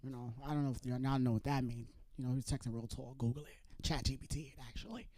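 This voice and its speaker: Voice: mid-range voice, steady tone, fast talker, crowd noise. A stand-up comedian from New York, with a New York accent, doing a chatty open mic set and acting out other people's voices. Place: comedy club stage.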